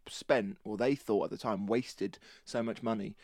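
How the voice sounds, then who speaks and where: Man, podcast co-host, low voice, enthusiastic, rambling, dry sound. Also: fairly even intonation, moderate pace, creaky, a little mellow, no room sound. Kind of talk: casual chat.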